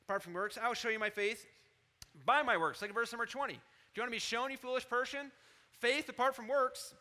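Bright, high-voiced preaching man. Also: fast talker. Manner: animated preaching, rising loud on quotes and dropping low to confide. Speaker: pastor. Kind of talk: sermon.

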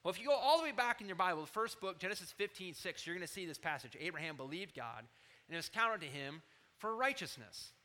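A man in his thirties preaching a sermon as pastor, animated, rising loud on scripture quotes and dropping low to confide. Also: quick pace.

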